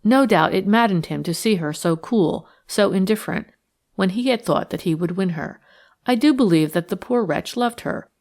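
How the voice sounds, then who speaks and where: An audiobook narrator with a mid-range voice reads a classic detective novel. Her scripted narration is measured and even in its storytelling.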